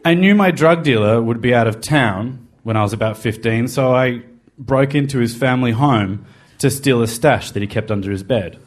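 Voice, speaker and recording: A man's voice: medium pitch, moderate pace. A man with an ordinary mid-range voice tells a personal confession in a wry, self-deprecating way. His storytelling is conversational but shaped for listeners. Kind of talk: personal story told to a live podcast.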